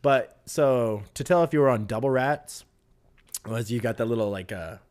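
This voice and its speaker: Guy laughing thru his stories, swears a lot, mid-pitched, just chatting. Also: moderate pace. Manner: animated, laughing, swearing freely. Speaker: former recruit telling stories. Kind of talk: casual chat.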